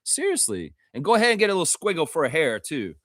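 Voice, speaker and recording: A man hosting a casual live-stream sports show for fans, reading chat comments aloud, animated and profane, laughing often. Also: fairly high pitch, fast talker, no room sound, studio quality. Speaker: fan show host.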